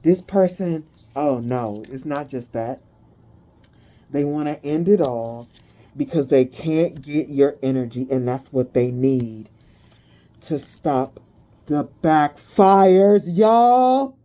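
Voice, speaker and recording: A woman's voice: extremely low pitch, slow, warm tone. A woman giving a casual spiritual reading to her viewers, chatty and profane and prone to giggling. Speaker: spiritual card reader.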